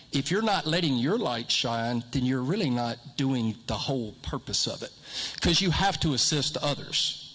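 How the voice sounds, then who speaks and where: A school district speaker, a man in his late 40s or 50s, gives a motivational speech to a live audience in a large hall with long reverb. His mid-range voice is a bit bright, and his delivery is folksy and repetitive, with joking asides.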